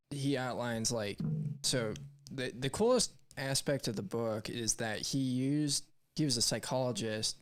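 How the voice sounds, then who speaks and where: A man co-hosting a live stream show, chatting casually and reading out messages from the chat in a rambling, candid way. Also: mid-range voice.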